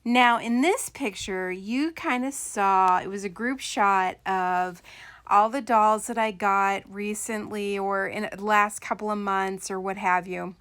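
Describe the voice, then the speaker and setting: A woman's voice: medium pitch, a little slow, a bit bright. Chatty middle-aged woman, rambling jokily. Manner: rambling, joking asides, self-deprecating. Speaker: doll collector vlogger. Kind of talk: casual unboxing chat to camera.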